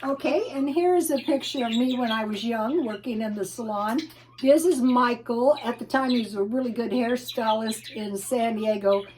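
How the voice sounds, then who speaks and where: A woman's voice: fairly high pitch, normal speed, darkish tone, a little hiss or hum. A middle-aged to older woman chatting casually to her viewers while showing old family photos, rambling and laughing often. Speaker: vlogger.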